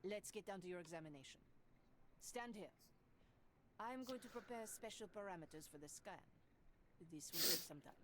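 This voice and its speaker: A woman's voice: medium pitch, expressive, normal speed, long pauses, heavy background noise, close to an everyday voice. A woman voicing a stern female project director, firm and dryly sarcastic, reading game dialogue aloud. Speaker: voice reader.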